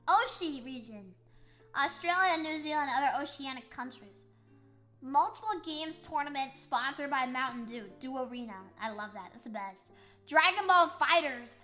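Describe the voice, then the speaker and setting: A woman from the United States streaming as a VTuber, chatting in a playful, questioning way. Her voice sits high and sounds bright, with faint music playing underneath. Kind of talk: casual livestream chat reading chat aloud.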